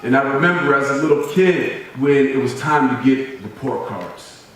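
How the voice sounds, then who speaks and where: A man giving a motivational speech, telling personal stories with humor and dramatic pauses. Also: mid-range voice, a bit bright, slight background noise. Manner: humorous, self-deprecating storytelling with dramatic pauses. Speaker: motivational speaker. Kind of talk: personal storytelling speech to an audience. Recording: very echoey hall, voice from a distance.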